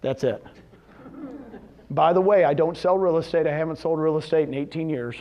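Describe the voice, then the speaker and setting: An energetic middle-aged man giving a motivational business talk, firing questions at the audience and answering them himself. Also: fairly high pitch, moderate pace, lo-fi sound. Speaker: real estate brokerage executive speaking at a company event.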